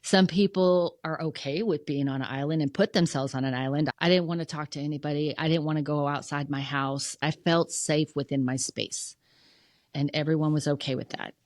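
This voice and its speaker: A middle-aged woman from the United States talks candidly in a low voice, with feeling, and acts out the voices of the people in her story. The sound is close and dry, with no room echo. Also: a little fast. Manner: emotional, animated, acts out quoted dialogue. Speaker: podcast guest, funeral museum president.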